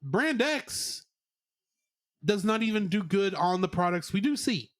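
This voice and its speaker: A man co-hosting a podcast, giving an animated, sarcastic movie review in casual chat. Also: sits high, measured pace, no echo, studio quality. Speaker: podcast co-host.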